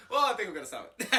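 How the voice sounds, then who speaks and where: Young male podcast co-host, bright tone, casual and jokey, echoey room. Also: very high voice. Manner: laughs often, loose and joking. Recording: roomy echo.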